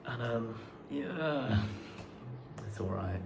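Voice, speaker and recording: A man's voice: medium pitch, expressive, extremely slow, creaky, music in the background. A young man chatting casually to camera, rambling and swearing now and then, in an unfinished house. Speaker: vlogger. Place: unfinished house under renovation, indoors. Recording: echoey empty room, faint background noise.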